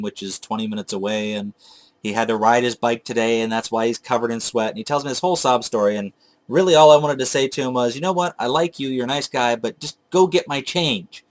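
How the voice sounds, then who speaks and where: A man telling a long, digressive story about hunting for old video games, chatting casually to his viewers and correcting himself as he goes. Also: on the low side. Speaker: retro game collector vlogger. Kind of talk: casual rambling storytelling to camera.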